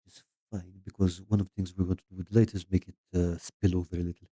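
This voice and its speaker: A low-voiced man narrates a casual miniature painting tutorial. His tone is very dark and relaxed, and his voice often drops away mid-sentence. The recording is dull, lo-fi and dry. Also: fast talker, no echo. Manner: soft-spoken, trails off quietly mid-thought.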